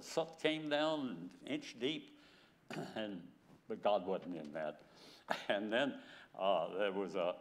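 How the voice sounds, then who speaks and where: An elderly man in his nineties delivers a sermon with a pitch that swoops up and down. He tells stories, chuckles between lines and acts out scripture scenes. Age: 90s. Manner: storytelling, chuckles often, dramatizes scripture. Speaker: preacher.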